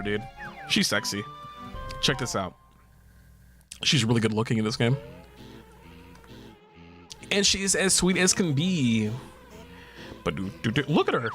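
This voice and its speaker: A young man chatting casually while streaming a video game, joking, laughing often and swearing. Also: mid-range voice. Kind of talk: casual gameplay livestream chat. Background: game music.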